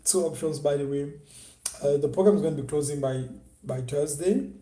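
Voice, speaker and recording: A man's voice: on the high side, brisk, warm tone. A man hosting a casual live stream, coaching viewers on online selling in a repetitive, persuasive way. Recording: echoey room.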